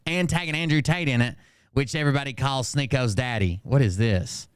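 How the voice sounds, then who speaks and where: A man's voice: mid-range voice, a little fast, clear, resonant tone, no room sound, studio quality. A man streaming casual commentary, reading quotes aloud with sarcastic asides and plenty of filler words. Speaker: streamer reacting to clips.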